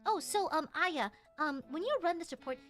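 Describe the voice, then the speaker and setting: A woman voicing a relaxed, gentle veteran female coworker who never gets angry. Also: sits high, normal speed, faint music behind. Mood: calm.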